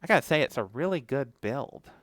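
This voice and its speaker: A man's voice: medium pitch, expressive, brisk, a bit bright, no echo. A man co-hosting a horror podcast, chatting casually and rambling with lots of fillers. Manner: rambling, many fillers, acts out characters' lines. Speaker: podcast co-host. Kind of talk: casual chat reviewing a horror comic.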